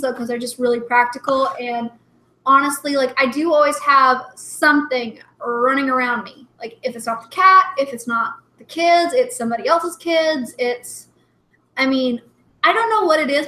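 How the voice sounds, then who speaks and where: A woman's voice: high voice, sharp tone. A young woman chatting casually as a livestream co-host, giggly and rambling with lots of "like" fillers. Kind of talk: casual chat. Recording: roomy echo.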